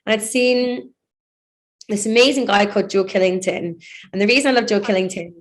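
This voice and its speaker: Woman, thirties, DJ guest in an interview; loose, rambling and quick to laugh. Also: mid-range voice. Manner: chatty, rambling, laughs often, many "like" fillers. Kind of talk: casual interview chat.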